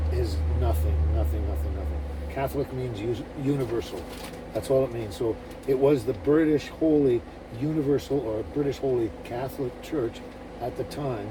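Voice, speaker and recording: A man talking casually to camera, rambling with many fillers and restarts. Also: medium pitch. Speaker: vlogger. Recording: distant mic with background noise.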